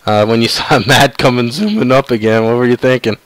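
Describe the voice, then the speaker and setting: A man hosts a live racing broadcast in a smooth, clear voice, recorded dry and close. He stops and starts often, filling gaps with "uh" as he wraps up the event. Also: medium pitch, no room sound, low-quality recording. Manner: halting, many fillers. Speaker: broadcast host.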